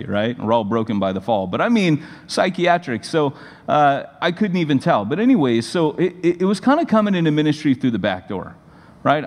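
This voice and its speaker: Man in his forties preaching in a reverberant hall. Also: mid-range voice. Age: 40s. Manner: conversational, animated storytelling. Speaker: pastor. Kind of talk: sermon. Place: church sanctuary. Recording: long reverb of a large hall.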